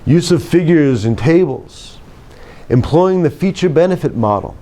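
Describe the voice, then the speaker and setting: A man who teaches writing, delivering a scripted lecture in a measured, emphatic way and dropping his pitch to close each point. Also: expressive, mellow. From United States. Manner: measured, emphatic, drops pitch at phrase ends. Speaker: writing instructor.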